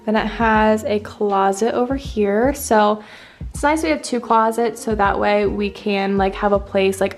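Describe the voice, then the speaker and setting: A woman's voice: mid-range voice, gravelly. A young woman vlogging a tour of her empty apartment, chatty and upbeat, with lots of "like" fillers. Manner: chatty, uses "like" often, upbeat. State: a bit out of breath. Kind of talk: casual home tour vlog. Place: empty apartment with bare rooms, indoors.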